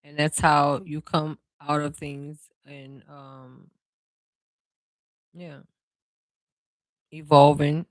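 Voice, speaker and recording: A tarot reader with a New Orleans accent, talking casually and directly to the viewer with relaxed, drawn-out phrasing. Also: mid-range voice, no room sound. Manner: reassuring, speaks straight to the viewer. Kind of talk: casual spiritual card reading.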